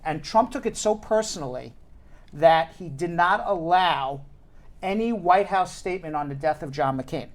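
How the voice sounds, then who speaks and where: A man hosting a talk show, telling stories in animated, chatty banter from a studio. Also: on the high side, moderate pace.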